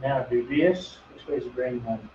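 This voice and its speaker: A middle-aged host of a woodworking channel, with a medium-pitched voice and measured pace, chats casually while working in his home workshop and tells rambling, self-deprecating stories. The audio sounds distant, echoey and dull, with a faint hum.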